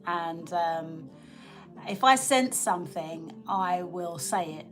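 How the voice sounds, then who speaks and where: A woman's voice: lowish voice, expressive, slow pace, distant mic. A woman from the UK chatting casually with viewers on her livestream, rambling and restarting often. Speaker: livestream host. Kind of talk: casual live chat with viewers. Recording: roomy, from the mic, faint music.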